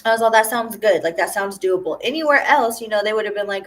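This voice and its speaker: A woman's voice: mid-range voice, fast talker, few pauses. Chatty young woman telling a story. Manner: chatty, animated retelling with quoted voices. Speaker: lash artist vlogger. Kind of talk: casual storytime vlog.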